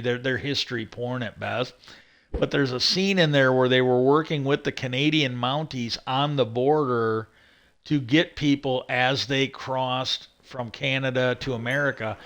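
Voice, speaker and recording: A man's voice: mid-range voice, fairly bright tone. A man hosting a livestream, casually rambling through stories with many fillers and restarts. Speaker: livestream host.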